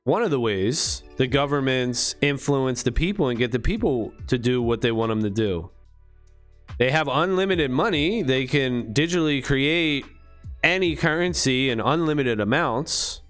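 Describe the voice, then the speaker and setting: A man's voice: mid-range voice, normal speed, fairly bright tone, soft background music. A man talking to his channel in a rambling, profane monologue full of rhetorical questions. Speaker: crypto vlogger.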